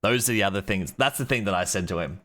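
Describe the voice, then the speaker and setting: A man's voice: low-pitched, quick pace, fairly bright tone. A young Australian man and streamer, telling a story in a rambling, casual way with lots of fillers and swearing.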